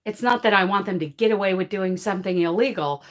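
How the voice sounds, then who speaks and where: A woman's voice: mid-range voice, fast. A woman hosting a casual livestream and answering viewer comments, emphatic and emotional, often apologizing and laughing between points. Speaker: crochet livestream host.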